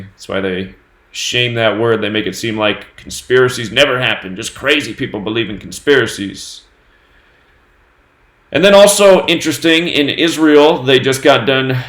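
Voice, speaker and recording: A man hosting his own news channel, talking on his own through dates and number sums in a steady, running commentary. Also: medium pitch, echoey room. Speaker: host of a numerology news channel.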